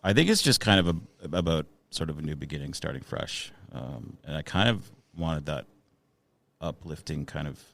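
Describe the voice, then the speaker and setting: A man's voice: a bass voice, lively intonation, normal speed, creaky, a bit bright. A man in his thirties, a musician guest on a casual podcast, talking with hesitant fillers and restarts.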